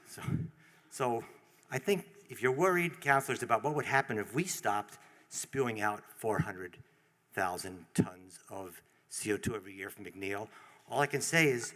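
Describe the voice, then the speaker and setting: Wry, low-voiced man at the podium. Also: normal speed, fairly bright tone. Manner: dry, wry storytelling. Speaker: public commenter. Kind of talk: public comment at a council meeting. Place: city council chamber.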